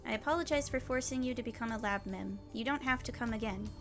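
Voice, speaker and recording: Brief: theatrical young mad scientist, read aloud by a woman, higher-pitched, faint music beneath. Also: fast talker, close to an everyday voice. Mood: grandiose. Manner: theatrical, grandiose. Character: eccentric self-styled mad scientist, young man.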